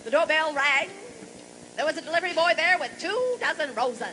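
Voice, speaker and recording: A woman's voice: high voice, lively intonation, normal speed, poor audio. A woman doing salty, bawdy stand-up patter on a live stage, acting mock-forgetful between jokes. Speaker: stand-up comedian and singer. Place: large live venue, boomy room. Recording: live concert recording with loud audience noise. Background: live audience noise.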